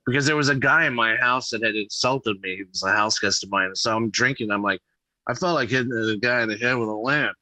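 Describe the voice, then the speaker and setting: A male comedian talking casually as a guest, halting and full of restarts, with a bit of swearing. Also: mid-range voice, pushed and bright, no echo, poor audio. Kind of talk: casual chat.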